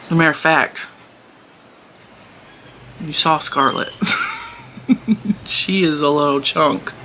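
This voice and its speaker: A woman's voice: deep voice, fairly even intonation, slow pace, bright, forceful tone, a little hiss or hum. A woman, hosting a crochet vlog and chatting on in a rambling way at home, laughing often. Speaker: crochet channel host. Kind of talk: casual chat to camera. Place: home room.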